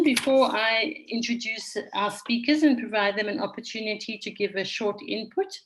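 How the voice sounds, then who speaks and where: A woman moderating an online conference session over a video call, speaking in a measured, orderly way and welcoming participants. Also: fairly high pitch, fairly bright tone, low-quality recording. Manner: measured, orderly, reads names from the chat.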